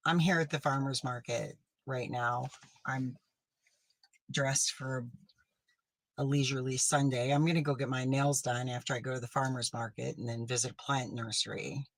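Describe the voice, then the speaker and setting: A man playing a petty, vindictive woman livestreamer in a comedy sketch, accusing and self-righteous, sometimes dropping to a sharp whisper. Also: medium pitch, fairly even intonation, moderate pace, vocal fry, dry recording, poor audio. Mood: breezy.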